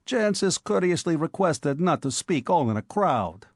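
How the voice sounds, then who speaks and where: A man's voice: medium pitch, very animated, takes it slowly, breathy edge, no room sound, clean studio sound, exaggerated voice. A man voicing a ragged, cocky young male street tough in a storybook reading. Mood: cheeky. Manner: cocky, slangy.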